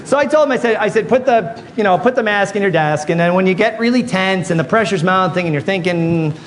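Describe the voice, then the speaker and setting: A man giving a keynote speech on stage, telling a story and acting out the dialogue in an animated way. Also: high voice, brisk. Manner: animated, acts out quoted dialogue. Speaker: motivational speaker. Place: on stage before a live audience. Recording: live audience laughter, noisy room.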